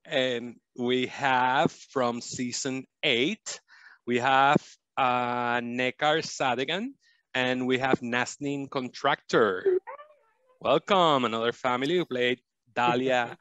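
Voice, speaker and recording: A man's voice: medium pitch, fairly even intonation, takes it slowly, fairly bright tone, clear, resonant tone, dry recording. A man hosting a convention panel, introducing guests in a friendly way and laughing readily. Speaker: podcast host and panel moderator. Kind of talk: moderating a panel.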